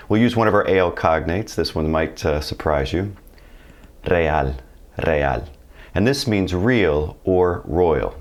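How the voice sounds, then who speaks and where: A man with a very low, deep voice talks viewers through a Spanish pronunciation lesson. He explains the rules plainly and slips in friendly jokes along the way. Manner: friendly, joking asides to viewers. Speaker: Spanish teacher. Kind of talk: video language lesson.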